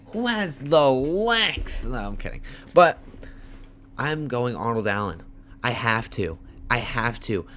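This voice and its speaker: A man hosting a homemade fight-picks preview, talking in a lively, profane, joking way while tired and yawning late at night. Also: medium pitch, a little hiss or hum. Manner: animated, profane, playful trash talk. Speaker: MMA fight picks host. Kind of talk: casual fight preview talk. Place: homemade setup.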